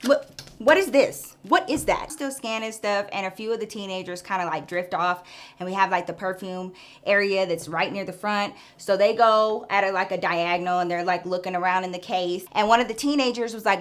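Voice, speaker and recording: A woman's voice: mid-range voice, a little fast. A woman vlogger telling a story in a frank, chatty way, talking straight to the listener. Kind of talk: casual storytime chat.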